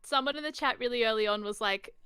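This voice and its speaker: A woman's voice: on the high side, fast, pushed and bright, slight background noise. A woman co-hosting a livestream, giggly and teasing in casual chat.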